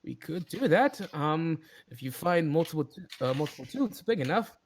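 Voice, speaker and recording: A man's voice: fairly high pitch, very animated, a little hiss or hum. A man voicing a sly, streetwise male broker who needles the people he talks to. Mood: businesslike. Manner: sly, teasing, drawn-out.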